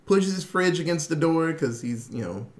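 A man's voice: fairly high pitch, normal speed. A man co-hosting a podcast, casually recapping a zombie movie with laughs, swearing and acted-out quotes. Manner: animated retelling with quoted voices, laughing, swearing. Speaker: podcast co-host.

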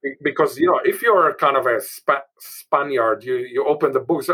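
A man's voice: medium pitch, moderate pace, hardly any pauses, sharp tone, breathy edge, poor audio. A man from Israel, a linguist guest, talking emphatically and restating his points. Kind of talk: emphatic interview talk.

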